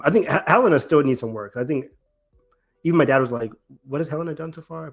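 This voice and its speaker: A man co-hosting a casual podcast recap, talking in a rambling, animated way with many restarts and quoted reactions. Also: medium pitch. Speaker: podcast co-host.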